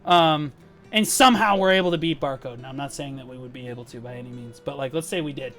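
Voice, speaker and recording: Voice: mid-range voice, fast, a bit bright, faint music behind. A gaming guild leader telling a live-stream story as a rant, profane and emphatic, full of "like" and "um". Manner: profane, heated and emphatic, with frequent "like" and "um".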